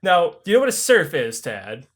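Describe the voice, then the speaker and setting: Crude, animated young man telling history. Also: a little high, normal speed. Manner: crude, animated, swearing freely. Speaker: podcast host. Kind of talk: comedic history storytelling.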